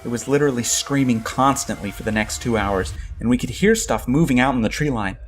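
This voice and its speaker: A man reading a first-person horror story aloud in a steady storytelling tone. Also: medium pitch, brisk, faint music behind. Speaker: narrator. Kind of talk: scripted narration of a horror story.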